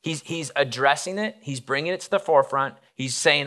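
Man, pastor, conversational sermon, bright tone, acted-out dialogue, quick restarts. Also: a little high. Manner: casual retelling with acted quotes and restarts.

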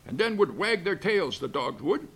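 A man playing a grumpy curmudgeon who reads a holiday story aloud with gruff asides and chuckles. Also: high voice, sing-song, normal speed, a bit bright, exaggerated voice. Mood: grouchy. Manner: gruff asides, chuckling, stumbling over words. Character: grumpy Scrooge-loving male curmudgeon reading a story. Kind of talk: comic reading of a holiday story. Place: backstage at a museum.

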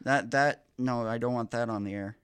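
A man co-hosting a podcast in casual chat, with a deep, mellow voice and dry, deadpan delivery. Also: moderate pace, crowd noise. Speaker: podcast co-host.

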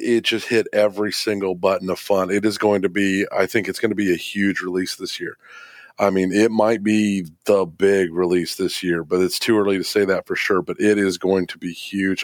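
A man's voice: deep voice, flat delivery, brisk, dry recording. A man co-hosting a podcast, talking enthusiastically in casual chat, with many fillers and restarts. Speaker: podcast co-host.

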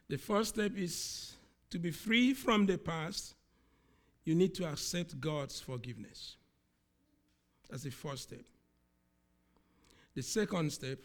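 A man preaching a sermon, speaking slowly and with emphasis, often repeating key words. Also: on the high side.

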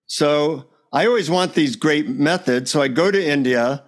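A man, a podcast guest on a remote call, tells animated anecdotes in a casual way. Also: fairly high pitch, moderate pace, few pauses. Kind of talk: casual storytelling interview.

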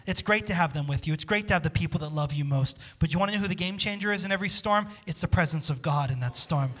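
A man preaching a sermon as pastor, impassioned, dropping to a hush when quoting scripture. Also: on the high side, quick pace.

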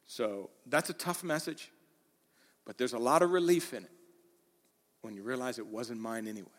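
A man preaching a sermon in a church, animated, acting out the quoted lines with rising intensity. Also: medium pitch, normal speed, long reverb tail. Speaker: pastor.

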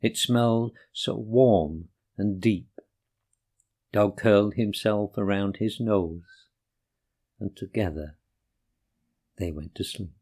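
A man reading rhyming children's poems aloud in a gentle, sing-song way. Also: on the low side, slow pace, long pauses. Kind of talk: rhyming storybook narration.

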